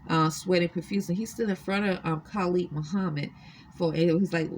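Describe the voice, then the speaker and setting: A woman's voice: fairly low pitch, fairly even intonation, a little fast, slight background noise. A woman earnestly recounting her own experiences to the camera from a hotel room, insistent and emphatic. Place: extended-stay hotel room.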